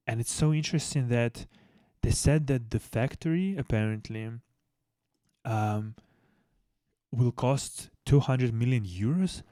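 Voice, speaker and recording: A man's voice: medium pitch, dark tone, no room sound, clean studio sound. A man hosting a news commentary channel in casual, blunt style, swearing heavily and restarting sentences, speaking English as a second language. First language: not English.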